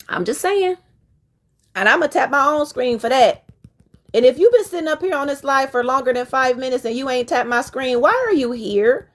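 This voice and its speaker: High-voiced woman preaching to live viewers. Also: fairly bright tone. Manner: preachy, emphatic, talks straight to her viewers; casual slang, greets viewers by name. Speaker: relationship coach live-streamer. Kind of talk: live-stream relationship talk to viewers.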